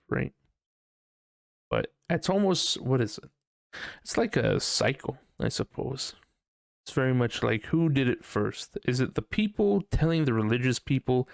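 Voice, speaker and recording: Male podcast host, gravelly voice, dry close sound, loose, profane, rambling solo chat. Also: medium pitch, very animated, measured pace, no echo. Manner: rambling, profane, unsure musing. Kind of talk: casual solo podcast monologue.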